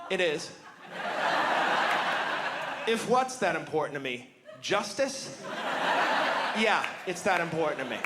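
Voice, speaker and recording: A man doing wry, wordy stand-up storytelling on a club stage, breaking into sudden shouted outbursts. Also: on the high side, expressive, moderate pace, long pauses. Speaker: stand-up comedian. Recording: live club recording with noise.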